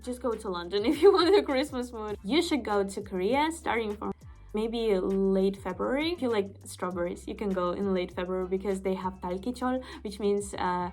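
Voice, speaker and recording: A woman's voice: medium pitch, expressive, normal speed, darkish tone, soft background music. A young woman from Estonia chatting casually to the camera as a vlogger, emphatic and repeating her points.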